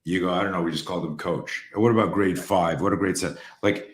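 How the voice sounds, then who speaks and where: A man hosting a talk, telling stories in a casual, animated way, sometimes swearing and restarting his sentences. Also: sits low, quick pace, roomy sound. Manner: animated, profane, restarts often. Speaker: host.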